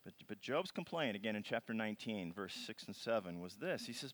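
A man's voice: on the low side, big pitch swings, fairly quick, few pauses, a bit bright, no room sound. A middle-aged man preaching a sermon as pastor, reading scripture dramatically and adding playful asides. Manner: dramatic, reads scripture with rising intensity. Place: church.

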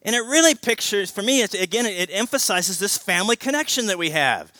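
Middle-aged male pastor, energetic sermon delivery, tense and sharp tone, dry sound. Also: high-pitched, a little fast, hardly any pauses, dry recording. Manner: animated, swings between loud emphasis and quiet intensity, repeats words, asks "right?".

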